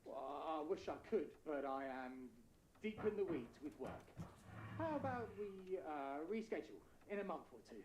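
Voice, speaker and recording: A woman's voice: low voice, big pitch swings, moderate pace, reverberant, noisy background, pitched below the performer's own voice. A woman voicing an evasive, nervous middle-aged male shopkeeper in a game, mumbling and hesitant.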